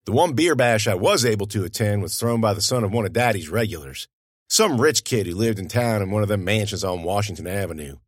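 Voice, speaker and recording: A man narrates an audiobook in a folksy, conversational manner, like talking to a friend, with lively ups and downs in his voice. He speaks a little fast in a low register, recorded close and dry with no echo or room sound.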